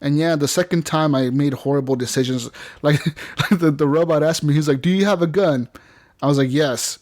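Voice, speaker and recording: A man's voice: fairly high pitch, steady tone, brisk, darkish tone, no echo, studio quality. A man co-hosting a gaming podcast, telling a long story with lots of fillers, laughs and acted-out lines. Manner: rambling, laughing, acts out game lines. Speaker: podcast co-host. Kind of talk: casual gaming chat.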